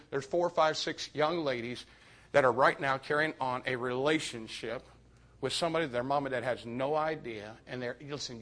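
Bright-voiced preacher with shouting peaks. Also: male voice, on the high side. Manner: swings from quiet confiding to shouting emphasis. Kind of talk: youth sermon.

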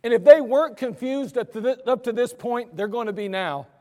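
A man preaching a sermon as pastor, in a chatty, animated storytelling way. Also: very high voice, normal speed. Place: church sanctuary. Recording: long reverb of a church hall.

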